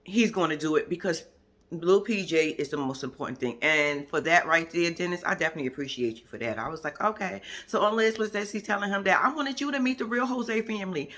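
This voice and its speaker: A woman giving a casual, profane vlog recap of a reality show, sassy and animated, acting out the cast's lines. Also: fairly low pitch, brisk. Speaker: reality TV commentator.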